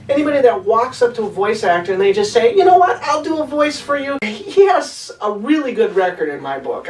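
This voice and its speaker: Blog host, eager and rambling, slightly high voice, echoey room with distant mic. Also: male voice. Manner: rambling, enthusiastic, many fillers. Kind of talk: casual recap to camera.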